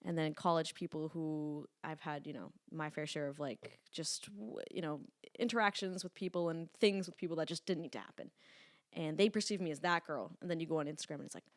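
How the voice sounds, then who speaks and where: A woman's voice: sits low, brisk, dry recording. Young woman guest, candid and rambling, dry close sound. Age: about 20. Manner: chatty, animated storytelling with frequent "like" and swearing. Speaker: podcast guest, lifting influencer. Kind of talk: casual candid chat.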